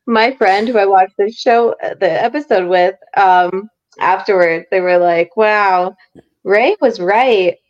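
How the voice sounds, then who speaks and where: A woman's voice: medium pitch, measured pace, hardly any pauses, dull audio. A woman co-hosting a casual podcast, retelling scenes and acting out the quotes. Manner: animated retelling, acts out quotes. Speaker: podcast co-host. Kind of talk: casual chat about a TV series.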